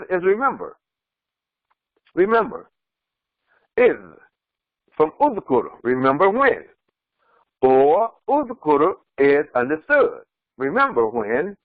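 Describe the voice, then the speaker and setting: Slow, lively-voiced imam teaching scripture. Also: male voice, mid-range voice, dry recording, phone-quality sound. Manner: slow, repeats words, explains Arabic terms. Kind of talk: Quran commentary lesson. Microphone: screen-sharing lesson recording.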